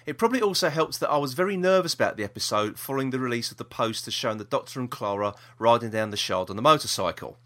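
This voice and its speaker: Fast and with hardly any pauses, a South East London man co-hosting a podcast reads a listener's email amid lots of ums and restarts. His mid-range voice comes across as expressive, pushed, and bright, and his manner is chatty.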